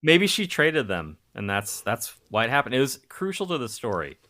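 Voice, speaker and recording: A man's voice: medium pitch, very animated, moderate pace, sharp tone. A man co-hosting a podcast, chatting casually about a movie with wry jokes and frequent laughs. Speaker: podcast co-host. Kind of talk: casual movie-review chat.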